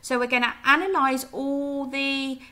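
A woman teacher giving a recorded reading lesson, explaining gently and asking her pupils questions. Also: high-pitched, fairly even intonation, a little slow. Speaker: primary school teacher.

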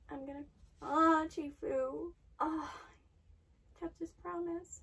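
A woman's voice: sits high, a little slow, creaky, fairly bright tone, recorded from a distance. A woman reacting aloud to an anime episode, emotional, exclaiming and trailing off mid-sentence.

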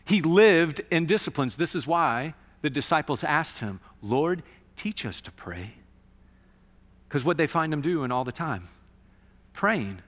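A man preaching to his congregation in a bright, ringing voice pitched a little high. He talks to the room like friends, surging to loud emphatic peaks and then dropping to a hush. The sound carries a long church-hall reverb. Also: animated, measured pace. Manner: conversational preaching, swings from loud to hushed. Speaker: pastor. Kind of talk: sermon. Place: church sanctuary.

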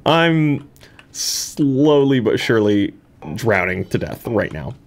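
A man in a casual let's-play commentary, rambling and self-mocking, bursting into high excited laughter. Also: slow pace. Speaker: gaming YouTuber. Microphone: desk microphone.

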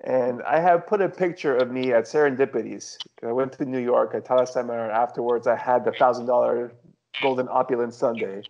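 A man's voice: medium pitch, fairly even intonation, fairly quick, a little mellow. A man co-hosting a casual podcast chat, telling stories in a wry, amused way. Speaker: podcast co-host. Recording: slightly dull sound.

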